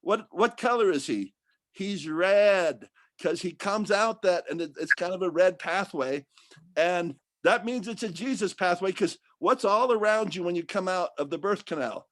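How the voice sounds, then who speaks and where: A man talking casually and at length about faith and art, rambling and animated, often restarting his sentences. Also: high voice, normal speed, no echo.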